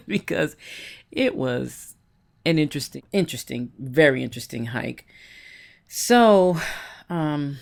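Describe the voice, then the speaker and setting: A woman's voice: a bass voice, gravelly. A woman giving a chatty, rambling voice-over while she makes a scrapbook layout at her craft desk, often correcting herself.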